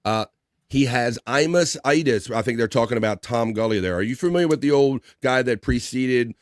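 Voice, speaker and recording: A man hosts a casual live talk stream and reads viewer comments aloud. He talks in a loose, rambling way, full of "uh" and "like." His voice sits in a middle pitch and sounds close and dry. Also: normal speed, no echo. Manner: relaxed, rambling, many fillers. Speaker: livestream talk show host.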